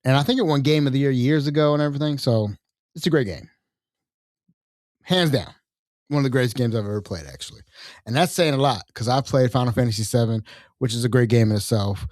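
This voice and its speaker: A man's voice: mid-range voice, fast talker, no room sound. Slangy male host on a dry mic. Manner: animated, slangy, acts out quotes in voices. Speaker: podcast host. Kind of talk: casual solo storytelling.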